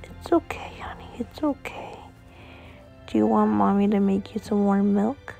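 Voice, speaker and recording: A woman voicing a loving young mother who comforts her child in a soft, often whispered voice. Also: medium pitch, monotone, moderate pace, creaky, soft background music. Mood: reassuring. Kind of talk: storytelling role-play.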